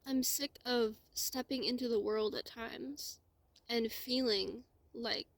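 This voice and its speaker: A woman speaking in a heartfelt personal monologue, close to tears, her voice sometimes dropping to a soft whisper. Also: on the high side, fairly even intonation, slow pace, no room sound. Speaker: spiritual vlogger.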